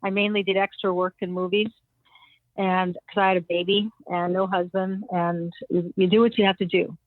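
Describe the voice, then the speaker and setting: A woman's voice: fairly low pitch, flat delivery, moderate pace, no echo. An older woman as an interview guest, telling anecdotes animatedly and acting out the lines of others. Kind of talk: storytelling interview. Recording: dry tinny phone-like sound.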